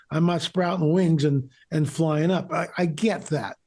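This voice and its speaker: A man's voice: on the high side, fairly even intonation, normal speed, hardly any pauses, a little mellow. A man being interviewed as a researcher and author, talking emphatically and repeating phrases for stress. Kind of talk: interview conversation.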